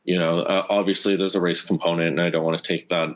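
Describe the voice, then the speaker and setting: A Canadian former hockey player in his thirties, telling a personal story in an interview in an earnest, animated way and acting out the dialogue. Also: low voice, quick pace. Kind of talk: conversational storytelling.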